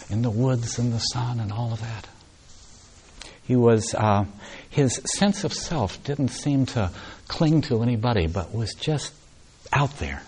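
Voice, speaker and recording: A man giving a meditation retreat talk, telling a story in a soft, unhurried way. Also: on the low side, husky. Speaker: meditation teacher.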